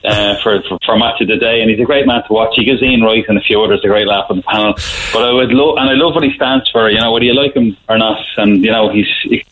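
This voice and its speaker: A man's voice: lowish voice, fairly even intonation, quick pace, crowd noise. A man calling in to a radio show, chatting in a rambling way with many restarts. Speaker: caller. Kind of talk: phone-in chat. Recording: tinny phone line.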